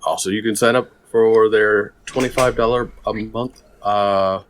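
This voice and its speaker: Smooth, calm radio announcer, low and unhurried, put on by a man. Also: slight background noise, lightly acted. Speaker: player.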